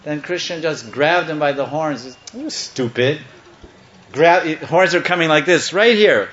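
A man giving a devotional storytelling sermon, animated and playful, breaking into chants and acting out parts. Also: fairly high pitch, moderate pace. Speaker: devotional speaker. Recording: echoey, slightly muffled room.

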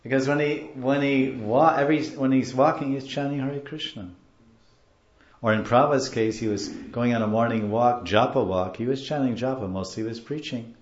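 A man's voice: mid-range voice, normal speed, roomy sound, muffled recording. A man giving a scripture class, explaining terms animatedly and repeating words as he teaches. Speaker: spiritual teacher.

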